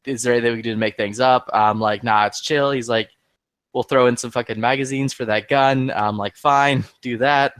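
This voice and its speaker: Profanity-laced storytelling from a man, fired up and acting out what everyone said. His voice sits at an ordinary middle pitch and is recorded very dry and close, with no room sound. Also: brisk, dry recording. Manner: profane, heated, animated retelling with quoted dialogue. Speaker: podcast regular. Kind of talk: casual chat, storytelling.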